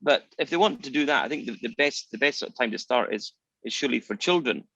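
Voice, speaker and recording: Guy on a podcast, bright sharp voice, opinionated, lots of ums, dry lo-fi sound. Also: medium pitch, expressive, fast, vocal fry, dry recording. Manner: opinionated, hesitant with many fillers. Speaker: co-host. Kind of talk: casual podcast chat.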